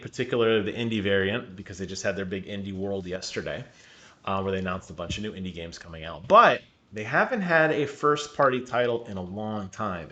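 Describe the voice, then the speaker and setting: A man co-hosting a gaming podcast in casual chat, animated and laughing often, asking questions. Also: fairly low pitch, muffled recording. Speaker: podcast co-host. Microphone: remote call mic.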